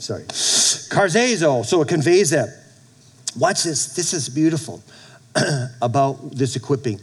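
A middle-aged man preaching a sermon with a fairly high voice. He is animated and laughs often, and he breaks into little acted-out quotes as he goes. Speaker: pastor.

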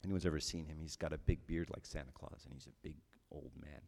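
A man's voice: very deep voice, fast talker, creaky, warm tone, in a large hall. A man giving a conversational homily as a priest, often checking in with his listeners with "right?".

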